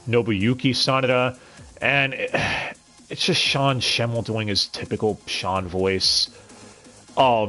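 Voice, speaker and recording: A man's voice: medium pitch, a bit bright. A man reviewing an anime dub on a live stream, talking casually with frequent stammered restarts and blunt, profane sarcasm.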